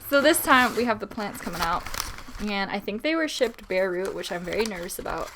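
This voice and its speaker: A young woman in a casual unboxing vlog who talks straight to her viewers, giggly and nervous with excitement. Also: mid-range voice, normal speed, background noise. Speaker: plant vlogger.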